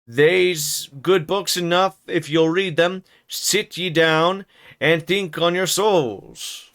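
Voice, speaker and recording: A man doing a croaking old servant. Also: on the high side, steady tone, fairly bright tone, voice pushed up. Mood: scolding. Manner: slow, croaking preacher-like scolding in broad rustic dialect. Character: dour pious old male servant, scolding.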